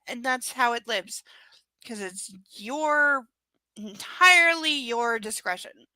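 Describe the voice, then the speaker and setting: Bright-voiced woman doing a snarky live read. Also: on the high side, expressive, slow pace, no room sound. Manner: chatty, sarcastic asides, swears freely. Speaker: live reader and commentator. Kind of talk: casual live book reading with commentary.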